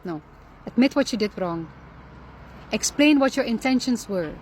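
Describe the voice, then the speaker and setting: Earnest woman giving calm spiritual advice. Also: fairly high pitch, normal speed, a little hiss or hum. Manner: calm, earnest, repeats key phrases. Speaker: Islamic lifestyle speaker. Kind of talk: reflective spiritual advice talk.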